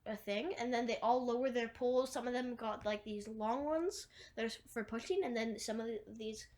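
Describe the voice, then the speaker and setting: A woman's voice: on the high side, fairly quick, a little mellow. A woman retelling a film scene by scene in a rambling, casual way, full of "like" and restarts. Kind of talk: casual movie recap.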